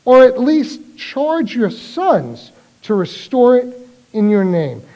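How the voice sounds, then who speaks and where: A man voicing a solemn old priest reformer, speaking slowly and gravely at a dying ruler's bedside. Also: extremely high pitch, very animated, mellow, dull audio, exaggerated voice. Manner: slow, grave, measured pronouncements.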